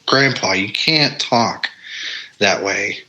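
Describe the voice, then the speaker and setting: Blunt, bright-voiced man talking casually. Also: on the low side, slow pace, rough recording. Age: adult parent. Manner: blunt and candid, swears, many fillers and restarts. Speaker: podcast guest, paranormal investigator. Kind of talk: casual conversation.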